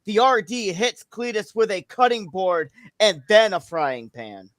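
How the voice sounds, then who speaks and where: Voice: medium pitch, expressive, a little slow, no echo. A livestream host reading a wrestling storyline aloud and coaching a young reader along the way. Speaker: show host. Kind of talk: livestream read-along and chat.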